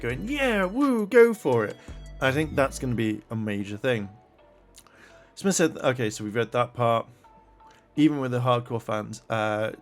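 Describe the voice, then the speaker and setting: Irritated man ranting, profane. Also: medium pitch. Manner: irritated, profane, reads articles aloud with frequent fillers. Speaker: commentary vlogger. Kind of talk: ranting commentary.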